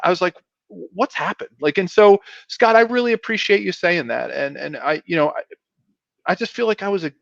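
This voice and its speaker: Telling stories during a casual interview, a guest from South Philadelphia who played pro football rambles and undercuts himself, full of fillers and restarts. His voice is a little high and fairly bright. The recording is dry, dull and muffled, with no room sound.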